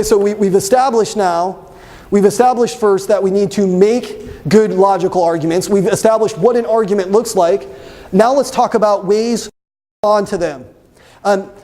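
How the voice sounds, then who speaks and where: A young man teaching a debate class, lively and constantly asking his students questions. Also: high-pitched. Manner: animated, asks the class questions. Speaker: debate instructor. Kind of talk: classroom lecture.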